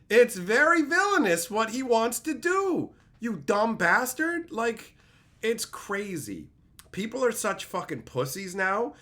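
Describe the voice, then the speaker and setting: A man with a high, lively voice delivers a profane, mocking rant as a streamer. His tone is bright and sharp, and his pitch swings widely. He mimics others in put-on silly voices. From Canada. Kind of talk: ranting commentary.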